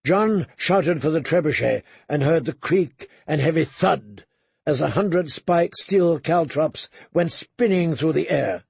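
A man reading a dramatic audiobook in a measured way, slipping into hushed low tones for tense moments. His voice is gravelly and a little husky, set slightly high for a man, and recorded dry and close. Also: lively intonation, dry recording. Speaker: audiobook narrator.

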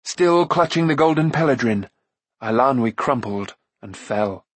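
A man narrates a fantasy novel in a measured, steady storytelling voice. His tone is slightly husky and sits at an ordinary middle pitch. The sound is dry and close, with no room around it. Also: no echo. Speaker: audiobook narrator.

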